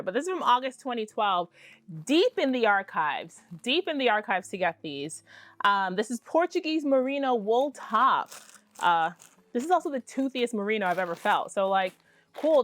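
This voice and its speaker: Chatty woman with a higher voice. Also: dry recording. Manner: chatty, excitable, self-deprecating asides. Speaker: podcast host. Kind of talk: casual crafting vlog chat.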